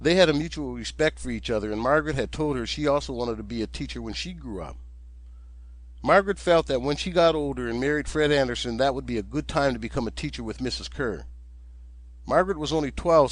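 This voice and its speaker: A man, the author, narrating his own audiobook in a steady, gentle storytelling manner. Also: medium pitch, quick pace, no echo.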